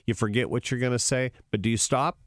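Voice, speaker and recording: A man's voice: medium pitch, fast talker, no room sound, studio quality. A man guest on a podcast, telling stories casually and acting out sounds and quotes. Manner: animated, acts out sounds and quotes. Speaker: rock musician guest. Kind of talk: casual storytelling interview.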